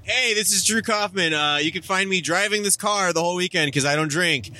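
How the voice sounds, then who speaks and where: A man's voice: sits high, a little fast, sharp tone. A man driving a car and hosting a podcast, chatting casually and making dry, joking asides. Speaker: podcast host and driver. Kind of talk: casual chat. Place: inside a moving car.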